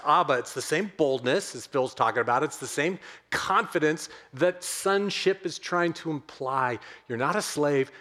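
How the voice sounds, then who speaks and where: A male pastor preaching a sermon, repeating key phrases and speaking directly to his listeners as friends. He swings between loud, emphatic outbursts and quiet, tender, hushed passages. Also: mid-range voice. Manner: addresses the congregation directly as friends.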